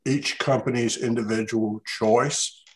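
A man scientist on a panel, explaining in a measured way. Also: medium pitch, steady tone, a little hiss or hum, poor audio. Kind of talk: panel discussion.

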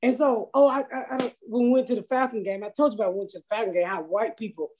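A woman's voice: a little high, fairly even intonation, very fast, a little mellow, slight background noise. A woman comedian telling brash, profane stories in casual podcast chat, acting out the people she quotes. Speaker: comedian host.

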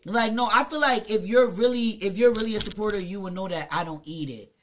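A woman live streamer telling a blunt, profane story to her chat at home, her voice swinging between hushed and loud. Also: mid-range voice, fairly quick, slight background noise. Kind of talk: casual confessional storytelling to chat.

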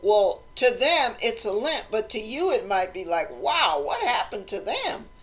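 A woman hosting a motivational talk, speaking conversationally and acting out quoted voices with lively emphasis. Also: medium pitch, a little slow. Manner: animated, acts out quoted voices, conversational preaching. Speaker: host.

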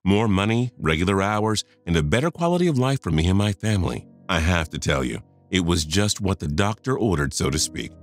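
A man's voice: low-pitched, big pitch swings, brisk, few pauses. A man in his fifties narrating a first-person story, confiding and talking straight to the listener.

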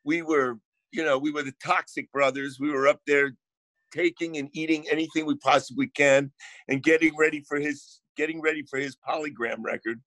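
A man with a New Jersey accent tells brash, salty stories in a bright, forceful voice pitched a little high. His voice sounds dry and close, with no room around it. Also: fairly even intonation, a little fast, no echo. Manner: brash storytelling, swears freely. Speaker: guest songwriter. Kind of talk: casual podcast chat.

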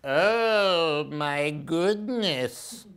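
A woman voicing a timid, dithering middle owlet brother in a children's picture book, with slow, hesitant speech. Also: low-pitched, animated, clean tone, exaggerated voice. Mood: fretful.

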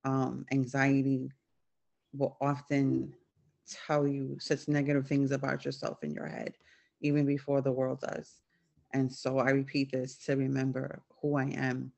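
A woman's voice: very deep voice, monotone, a little slow, gravelly, darkish tone, highs cut off. A woman reading her own church devotional aloud, hesitant with frequent fillers. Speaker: devotional reader.

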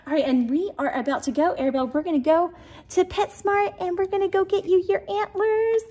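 Bubbly high-voiced woman vlogger. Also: steady tone, a little fast, mellow. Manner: bubbly, gushing, chatty. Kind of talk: casual chat to camera.

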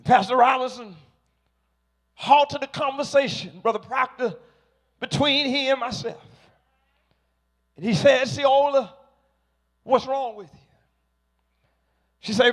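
A man preaching a sermon to a congregation, slow and emphatic, rising to shouted peaks. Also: very high-pitched.

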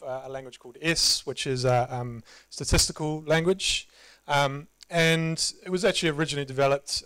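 Relaxed New Zealand man giving a talk. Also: fairly high pitch, clean tone, no room sound, low-quality recording. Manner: relaxed, conversational, self-deprecating humor. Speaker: conference presenter. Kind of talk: casual live tech talk. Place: meetup presentation room.

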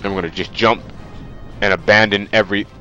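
A man's voice: on the low side, fairly even intonation, fast, bright, forceful tone. Stuffy-nosed man rambling over gameplay. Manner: rambling, chatty, with many fillers. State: stuffy nose. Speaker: let's play host. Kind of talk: casual game commentary. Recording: dull lo-fi sound. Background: faint game music.

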